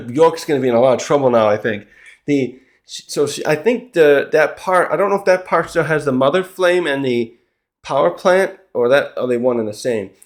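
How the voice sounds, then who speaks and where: A man casually recapping a comic chapter, rambling along with frequent restarts and little chuckles. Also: mid-range voice. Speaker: manga reviewer.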